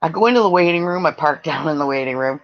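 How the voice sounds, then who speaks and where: Man, fairly high voice, casual storytelling, animated quotes, muffled lo-fi sound. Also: fast talker. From Canada. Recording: dull lo-fi audio.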